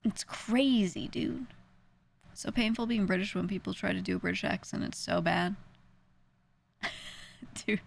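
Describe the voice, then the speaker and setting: A woman's voice: mid-range voice, measured pace, vocal fry, long pauses. Streamer, young woman, New York accent, casual ranting chat, swears freely.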